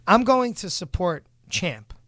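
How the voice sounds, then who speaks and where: A man's voice: high voice, very animated, slow, fairly bright tone, dry recording, studio quality. A man hosting a casual talk show, ranting bluntly and heatedly, swearing as he vents. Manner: blunt, heated, swearing, quotes others in put-on voices. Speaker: show host. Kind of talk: casual podcast rant.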